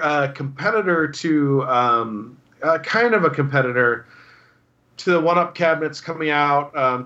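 A man's voice: a little high, fairly bright tone, muffled recording. A man chatting casually as a podcast host, enthusiastic and rambling with lots of fillers. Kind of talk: casual chat.

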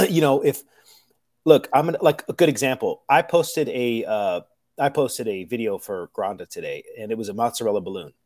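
Rambling, profane male chef. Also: medium pitch. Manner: animated, rambling, profane, many fillers and restarts; acts out kitchen dialogue in quoted voices. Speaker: professional chef. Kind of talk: casual rant to camera.

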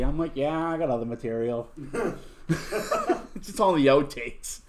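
There's slight background noise as a young podcast host, his voice a little high and very animated, tells crude stories without hurrying. His casual chat is full of swearing and filler words.

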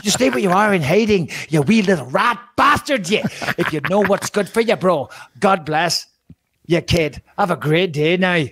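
A man's voice: high-pitched, expressive, moderate pace, fairly bright tone, husky, no echo, full character voice. A man putting on a Northern Irish accent to play a cocky male fighter who swears and mocks his rival. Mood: taunting. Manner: taunting, swearing, mocking. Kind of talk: podcast impression bit.

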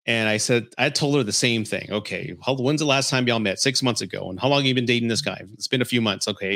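Medium in pitch and fairly bright, this man's voice carries a casual dating-advice podcast. His delivery is a blunt, profanity-heavy rant full of laughter, heated and scolding throughout.

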